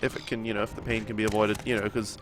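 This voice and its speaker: A man's voice: fairly low pitch, level tone, rapid-fire, faint music behind. A young man with a nasal voice and a sore throat, chatting casually as he streams a game and answers his viewers. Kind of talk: casual chat during a live game stream.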